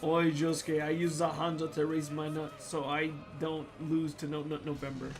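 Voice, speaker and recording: A man with a somewhat high voice reads viewer jokes on a livestream. His delivery is loud, goofy and joking. Music plays clearly in the background. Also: little pitch movement, normal speed. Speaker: streamer reading viewer jokes. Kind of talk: comedic reading on a livestream. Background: music playing.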